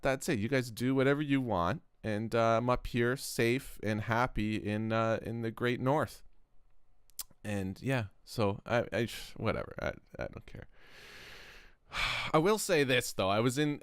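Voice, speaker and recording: Man, from Canada, vlog host, rambling, joking, smooth voice, dry room. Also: mid-range voice, no echo. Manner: rambling, self-interrupting, joking. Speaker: music production channel host. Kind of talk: rambling casual vlog talk. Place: home studio.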